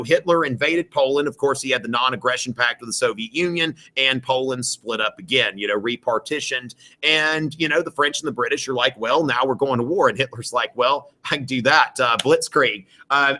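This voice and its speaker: A man's voice: medium pitch, sharp tone. A male history teacher giving a live exam review to students in a classroom, rambling with many fillers and jokey asides.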